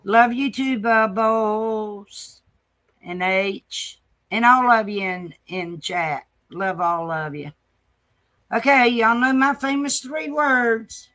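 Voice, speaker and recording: A woman chats on a home livestream in a slow, unhurried drawl. Her talk is folksy and affectionate, full of fond words for her viewers and her dogs, and dogs can be heard around her. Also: on the high side, bright, forceful tone. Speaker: livestream host. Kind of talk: casual livestream chat.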